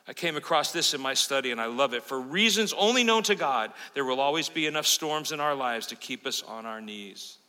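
A man preaching a sermon as pastor, swinging from loud urgent peaks to quiet, intimate asides. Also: mid-range voice, expressive, brisk, few pauses. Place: church sanctuary. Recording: long hall reverb of a church sanctuary.

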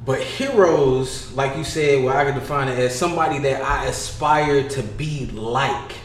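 A man talking in casual chat, loud and laughing as he teases his friend. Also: mid-range voice, normal speed, a little hiss or hum. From California. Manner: loud, laughing, mocking imitations. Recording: echoey room.

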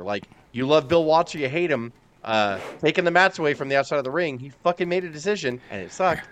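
Male co-host, rapid and profane, animated ranter. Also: on the high side, clean tone. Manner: profane, animated, acts out outbursts. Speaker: podcast co-host. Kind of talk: casual chat.

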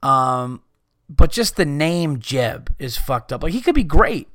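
A man hosting a podcast, talking casually in a rambling, profane, animated way. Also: a little high, takes it slowly, no echo, studio quality. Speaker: podcast host.

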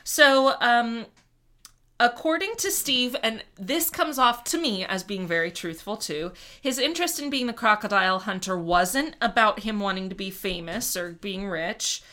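A woman with a bright, forward voice hosts a casual podcast. She talks through her notes in a chatty way with a lively, varied pitch, and stops now and then to read a quote aloud. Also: measured pace. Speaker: podcast host. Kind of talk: casual chat.

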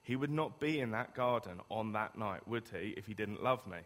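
A man's voice: on the low side, animated, moderate pace, a bit bright. A man preaching a sermon in a conversational way, often asking the listeners rhetorical questions. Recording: long reverb of a hall.

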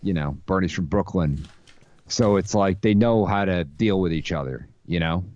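Low voiced guy on a podcast, dry laconic jokes, kinda muffled dead audio. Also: a little mellow, dry recording. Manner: dry, laconic, quick jokey asides. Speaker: podcast co-host. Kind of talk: casual comedic chat.

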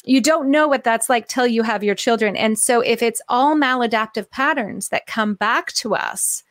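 A woman's voice: on the high side, normal speed, fairly bright tone, dry recording, studio quality. A middle-aged woman hosting an interview, talking enthusiastically and thinking aloud in long, winding questions. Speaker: podcast host. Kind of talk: conversational interview.

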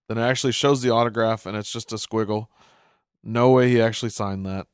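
A man's voice: lowish voice, fairly even intonation, fairly quick, clear, resonant tone. A man with a mid-range voice who recaps a cartoon episode in a loose, casual way, chuckling often and reading out captions. The sound is close and dry, with no room echo. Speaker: show recap host.

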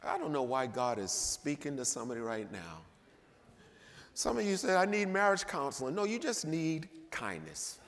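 A man preaching a sermon in a church, emphatic, swinging between loud and quiet delivery. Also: mid-range voice, big pitch swings, normal speed, creaky. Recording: long reverb of a church hall.

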